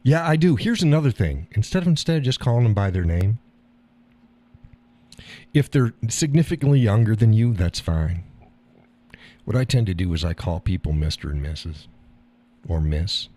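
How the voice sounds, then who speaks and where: Blunt, animated man talking casually. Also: lowish voice, moderate pace, pauses often. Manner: blunt, profane, laughs often. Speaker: live stream host. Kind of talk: casual monologue. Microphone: audio call or stream mic.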